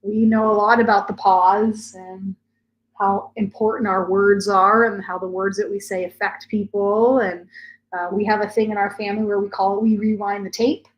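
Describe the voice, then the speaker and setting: A woman's voice: medium pitch, flat delivery, moderate pace, dull audio. A woman in her forties talking casually as a podcast host, telling stories in a chatty way with many "like" fillers. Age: 40s. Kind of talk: casual chat. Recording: roomy echo.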